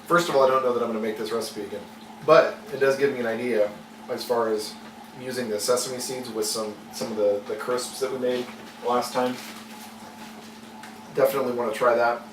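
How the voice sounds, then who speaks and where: Man, cooking channel host, mid-pitched and casual, rambling delivery, roomy distant mic. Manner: relaxed and rambling, many fillers and restarts. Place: home kitchen. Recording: echoey kitchen, mic at a distance, audible noise.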